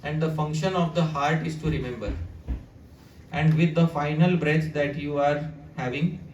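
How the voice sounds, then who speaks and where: A man's voice: medium pitch, muffled recording. A man, a devotional speaker telling a sacred story as a sermon at a house gathering, speaking animatedly and quizzing his listeners. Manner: animated, addresses the audience with questions. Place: living room at a house gathering. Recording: echoey room, distant mic, faint hiss.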